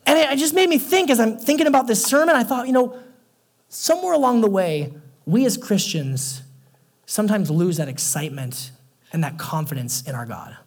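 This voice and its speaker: Young male pastor with a somewhat high, husky voice; conversational sermon delivery that sinks soft for key points. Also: animated, brisk. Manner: conversational storytelling, dropping low and quiet for emphasis.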